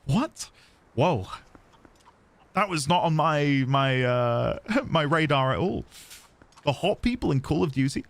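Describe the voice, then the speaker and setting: A man's voice: on the high side, expressive, slow pace, creaky, pauses often, no echo. A man chatting casually on a live game stream, rambling and self-deprecating.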